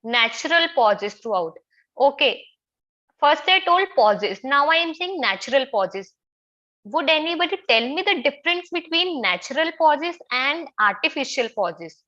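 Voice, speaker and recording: Woman, Indian English accent, teacher, online class, repeats points, high voice, slightly muffled call audio. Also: very animated, measured pace, bright, forceful tone. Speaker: public speaking teacher. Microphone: video call.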